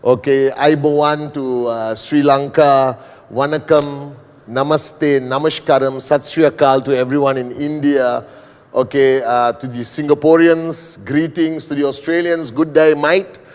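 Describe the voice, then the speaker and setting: Middle-aged Malaysian man, slow and deliberate. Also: medium pitch, fairly even intonation, a little mellow, clean tone. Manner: slow, deliberate, with frequent "all right" and "okay". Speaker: business presenter. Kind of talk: motivational sales presentation. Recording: long hall reverb.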